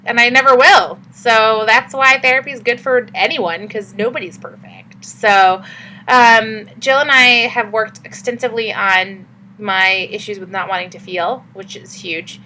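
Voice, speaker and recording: A woman's voice: fairly high pitch, steady tone, a little slow, sharp tone, a little hiss or hum, rough recording. A young woman vlogging in a casual, chatty and upbeat way, with many fillers. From Massachusetts. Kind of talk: casual vlog talk.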